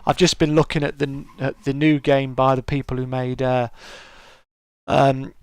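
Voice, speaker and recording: A man's voice: mid-range voice, flat delivery, moderate pace, clear, resonant tone, no echo. A middle-aged man hosting a casual live-stream chat, greeting viewers by name and calling them mate.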